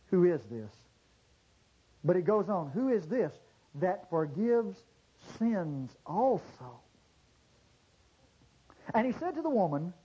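A man preaching a sermon to a congregation, swinging from low murmurs to loud exclamations and drawing out key words. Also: husky, muffled recording. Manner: drawn-out stressed words. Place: church service before a congregation.

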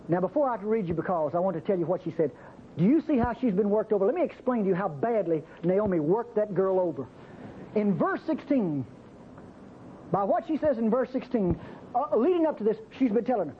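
A man preaching a sermon, acting out the biblical speakers with sudden jumps in pitch. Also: very animated, fairly quick. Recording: muffled, faintly noisy old recording.

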